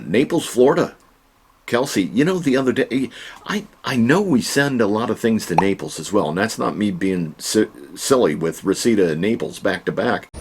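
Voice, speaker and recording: A man's voice: lowish voice, breathy edge. A man hosting a casual home vlog, chatting in a folksy way with joking asides from his storage room. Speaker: online reseller and channel host.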